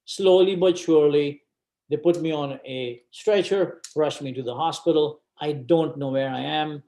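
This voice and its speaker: Man telling a dramatic story, slow. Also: on the high side, dark tone. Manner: dramatic, emphatic repetition. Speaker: guest speaker. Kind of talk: personal storytelling presentation. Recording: roomy event hall.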